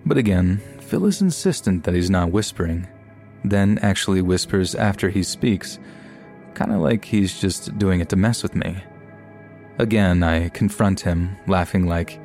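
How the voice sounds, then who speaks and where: A man reading scary stories aloud as a scripted narration, in a steady storytelling delivery. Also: low-pitched, normal speed. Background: faint background music.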